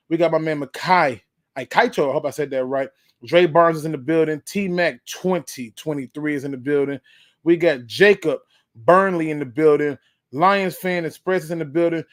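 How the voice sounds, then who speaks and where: A man hosting a live sports fan show, emphatic and hyped, repeating himself for effect and giving loose slangy shout-outs to viewers. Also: fairly high pitch, normal speed. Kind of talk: live-stream football talk.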